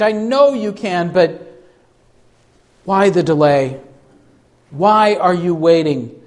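A man preaching a sermon, slow and emphatic, pleading through rhetorical questions. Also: high-pitched, lively intonation. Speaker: pastor.

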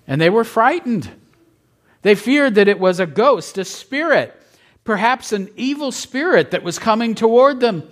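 Male pastor, middle-aged, measured sermon delivery, slightly high voice, friendly questions to listeners. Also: lively intonation. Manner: conversational, asks the audience questions with a light laugh. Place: church.

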